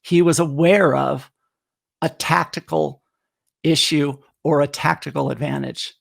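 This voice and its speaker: A man who is a running coach, telling an animated story in a casual live stream and acting out the dialogue. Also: fairly high pitch, a little slow, creaky. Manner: animated anecdote-teller who acts out quoted dialogue.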